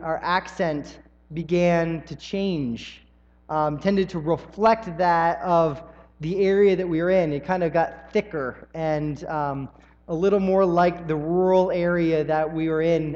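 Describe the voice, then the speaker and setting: High-voiced young man preaching in a hall. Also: a little mellow. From US South. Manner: folksy, storytelling, frequent ums. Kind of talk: sermon. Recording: dull sound in a reverberant hall.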